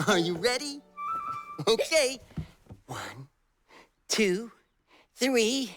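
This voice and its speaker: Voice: medium pitch, very animated, extremely slow, a bit bright, soft background music, full character voice. A performer voicing a cheerful, giggly male cartoon creature who eagerly helps his friend, with exclamatory, sing-song delivery in a preschool cartoon. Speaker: cartoon lead character.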